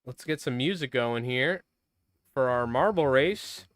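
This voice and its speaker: A man streaming live, chatting casually and calling a marble race with loud bursts of excitement. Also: medium pitch, a little slow, dry recording. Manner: rambling, laid-back, bursts into loud excited commentary. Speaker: streamer and fly tier. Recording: faint music under the voice. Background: background music.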